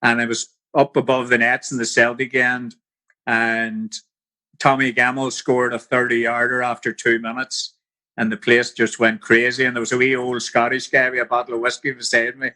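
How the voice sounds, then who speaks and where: A man's voice: medium pitch, flat delivery, normal speed, sharp tone. A man in his sixties with a Northern Irish accent, a podcast guest telling vivid anecdotes in a casual interview. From Belfast.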